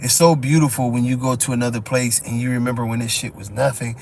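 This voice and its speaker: A man, telling a story in casual live-stream chat, profane and quick to laugh. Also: medium pitch, steady tone, darkish tone, a little hiss or hum. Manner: loose, profane, laughs often, lots of "you know what I'm saying". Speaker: dog show judge and breeder telling stories.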